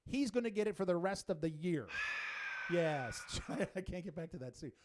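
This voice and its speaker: A man's voice: high voice, big pitch swings, normal speed, background noise. A man hosting a casual comedic talk show over drinks, crude and joking, laughing often.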